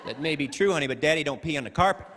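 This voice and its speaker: A man performing a stand-up comedy routine, animated and quick to slip into voices. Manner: animated, breaks into falsetto singing and voices. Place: large theater before a laughing audience. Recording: live hall recording with crowd noise.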